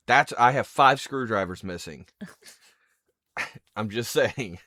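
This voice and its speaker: A man's voice: medium pitch, expressive, slow, bright, forceful tone, no echo, studio quality. A man hosting a podcast in casual chat, telling stories in a laid-back way and acting out the dialogue. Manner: laid-back storyteller who acts out dialogue. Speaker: podcast host.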